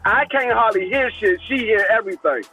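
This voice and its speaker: A man co-hosting a casual talk show, telling animated, profane stories and acting out quotes. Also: high-pitched, fairly quick, low-quality recording. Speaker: podcast co-host. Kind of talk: casual chat.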